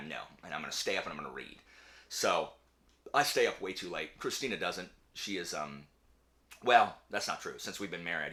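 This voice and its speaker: A young man hosting a casual chat with his wife, talking in an animated, ranting way with quick asides. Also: low-pitched. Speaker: channel host; teacher.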